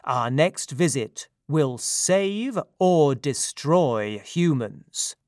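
A male narrator reads a myth aloud in a calm, measured way. His voice is a little high for a man, his pace unhurried, and the sound close and dry. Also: no room sound. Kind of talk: storybook reading.

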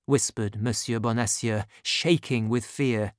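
A narrator reading a storybook aloud in a clear, even storytelling manner. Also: mid-range voice, a little slow, hardly any pauses, dry recording, clean studio sound.

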